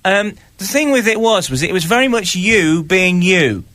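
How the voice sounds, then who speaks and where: A man's voice: high-pitched, expressive, normal speed, pushed and bright, no echo. A man hosting a radio breakfast podcast, bantering in a playful, mock-dramatic way with an East Midlands English accent. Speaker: radio breakfast show host. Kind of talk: casual studio banter. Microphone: studio microphone.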